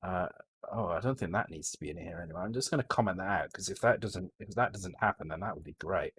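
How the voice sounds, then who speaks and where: A man's voice: sits low, quick pace, a bit bright, slightly rough. A British man on a live coding stream, thinking aloud in a blunt way, swearing freely and often breaking off to restart his sentences. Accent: British English. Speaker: streamer coding a retro game. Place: home.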